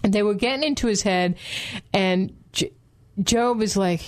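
A woman co-hosting a casual Bible study discussion, talking in an animated way and acting out quotes. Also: moderate pace, few pauses. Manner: animated, acts out quotes with pitch jumps, laughs often.

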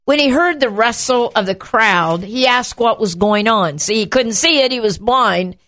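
A woman hosting a show, teaching from the Bible in an animated way and acting out the quotes. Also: fairly high pitch, normal speed. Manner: animated, acts out the quotes, shouts them.

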